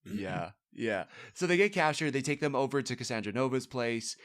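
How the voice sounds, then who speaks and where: A man's voice: medium pitch, lively intonation, moderate pace, a bit bright. A man co-hosting a casual movie podcast, rambling and breaking off his sentences with many fillers. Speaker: podcast co-host.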